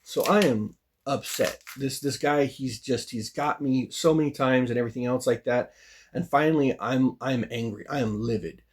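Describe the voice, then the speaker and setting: A man's voice: medium pitch, moderate pace. A man telling a personal story in a casual vlog, rambling with lots of "you know" and "like" and voice jumps up when he gets worked up. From United States. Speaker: vlogger.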